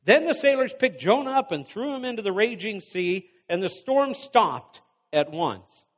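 High-voiced preacher in a reverberant hall. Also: male voice, big pitch swings. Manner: reads scripture then pauses to exhort the congregation. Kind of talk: sermon with scripture reading.

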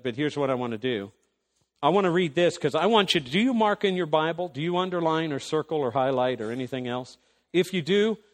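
A man with a high voice delivers an animated sermon in a church, calling out to the congregation and pushing his voice up for emphasis. The sound rings with long reverb from the hall. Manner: animated preaching, rising loud and high for emphasis; calls out to the congregation. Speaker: pastor.

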